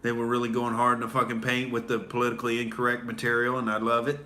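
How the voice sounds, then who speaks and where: A man in his late twenties or thirties, a comedian hosting a livestream, telling crude, animated stand-up stories. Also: mid-range voice, quick pace. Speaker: comedian, show host. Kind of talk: loose stand-up storytelling on a livestream.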